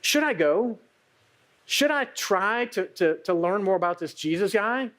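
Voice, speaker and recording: A man's voice: sits high, expressive, unhurried, fairly bright tone. A man voicing a hesitant, doubting woman. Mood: anxious. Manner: hesitant, self-doubting, stammering. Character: anxious hurting woman doubting herself.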